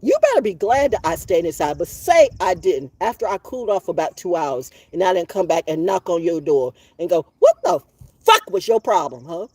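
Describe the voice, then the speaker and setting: A woman tells a story straight into the camera, outdoors, in a loose, profane vlog monologue, laughing and coughing from allergies as she goes. Her voice is husky and swoops widely in pitch. The sound is dry and close. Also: a little fast, few pauses, no room sound. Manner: profane, animated, laughs often. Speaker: vlogger.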